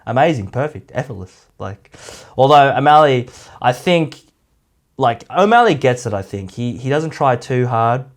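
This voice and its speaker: At a normal speed, a man from Australia with a medium-pitched, lively voice gives rambling YouTube commentary. It's casual and mocking, with "like" turning up again and again.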